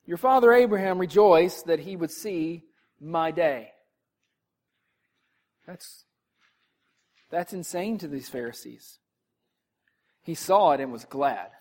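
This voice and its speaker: Bible teacher going through verses, reads them out then explains, gets loud and emphatic on the big points, asks the room questions. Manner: reads scripture verses aloud between explanations; emphatic, rises in pitch and volume on key points.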